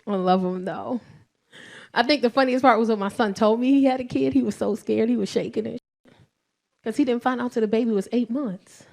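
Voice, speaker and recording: A woman in her forties with a high voice delivers stand-up comedy. She tells a story with animated energy, peppers it with profanity and breaks into loud shouts. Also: brisk, vocal fry. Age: 40s.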